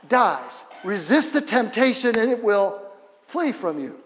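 A male pastor preaching a sermon in a church, energetic and humorous, leading the congregation in call-and-response. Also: high-pitched, measured pace. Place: church sanctuary. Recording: long reverb of a church hall.

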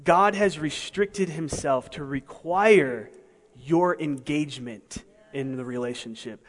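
Male pastor, higher register, emphatic sermon delivery with rhetorical asides; long reverb of a large hall. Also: takes it slowly. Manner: emphatic, rhetorical questions, swings between soft and loud.

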